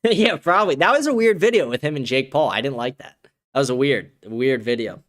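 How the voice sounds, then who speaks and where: A man hosting a podcast in casual chat, excitable and profane, often laughing as he reads and answers viewer comments. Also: mid-range voice, a little fast. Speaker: podcast host.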